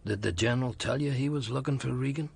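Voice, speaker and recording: A man's voice: mid-range voice, quick pace, vocal fry, breathy edge. An actor playing a stern, fatherly older law officer in a 1940s-style radio drama, who talks bluntly and lectures.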